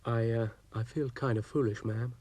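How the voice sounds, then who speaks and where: A man's voice: medium pitch, fairly even intonation, moderate pace, natural voice. A man voicing a laid-back male rabbit who drawls sleepily. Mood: drowsy. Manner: drawling, mellow.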